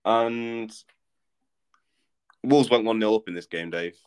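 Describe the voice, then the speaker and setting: A man's voice: fairly low pitch, slow pace, clean tone, dull audio. A man co-hosting a football podcast, telling match stories in a teasing, laid-back way. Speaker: podcast co-host. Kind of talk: casual football chat.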